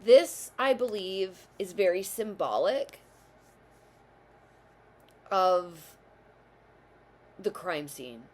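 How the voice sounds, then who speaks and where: A woman's voice: medium pitch, very slow, long pauses, darkish tone. A woman hosting her own tarot channel, talking to viewers in a meandering, self-correcting way while she has the hiccups. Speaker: tarot reader and channel host. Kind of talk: casual tarot reading to camera.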